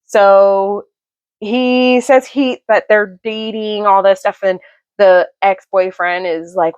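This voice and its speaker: A chatty woman in her thirties recaps a book at home, rambling and animated as she slips into the voices of the characters. Her voice is muffled and a little dull, and it sounds dry and close, without room echo. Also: mid-range voice, a little slow. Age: 30s. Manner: animated, rambling storyteller who acts out quotes. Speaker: book vlogger and mother. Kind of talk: casual chatty retelling of a book. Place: home, sitting on a couch beside her sleeping son.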